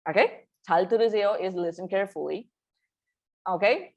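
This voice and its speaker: A woman leads a live online language lesson. She models each phrase slowly and repeats it for her students to echo. She slips between languages mid-sentence, speaking at an ordinary mid-range pitch. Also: big pitch swings, muffled recording. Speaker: language teacher.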